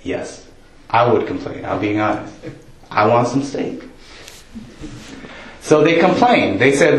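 A man preaching a sermon in a relaxed, joking, conversational way, raising his voice when he acts out people's prayers. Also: mid-range voice, slow pace, pauses often. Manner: conversational, jokey, quotes prayers in raised voice. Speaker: pastor. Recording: roomy echo.

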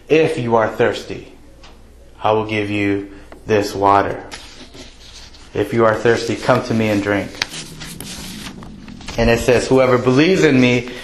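A man delivers a sermon in a loose, conversational manner, pausing often with ums and uhs. His voice sits at an ordinary middle pitch. The room around him rings with echo. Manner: casual, conversational preaching with many fillers. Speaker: preacher. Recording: echoey room.

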